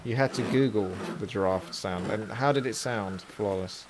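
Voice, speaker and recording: A man's voice: lowish voice, moderate pace, background noise. A man streaming a game live, chatting casually with rambling asides and a slight sore throat. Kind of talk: live gameplay commentary.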